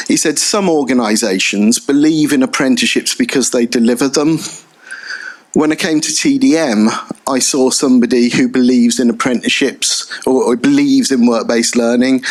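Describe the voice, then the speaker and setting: A man in his fifties speaking on a conference panel, animated and digressive, often repeating words as he thinks. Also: medium pitch. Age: 50s. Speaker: panelist, training provider. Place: conference hall stage.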